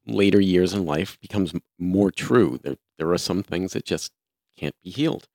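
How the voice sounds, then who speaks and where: A man's voice: sits low, normal speed, gravelly, a little mellow, dry recording, studio quality. A man in his sixties co-hosting a casual talk show, giving practical, plain-spoken advice. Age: 60s. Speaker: podcast co-host. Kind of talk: casual chat.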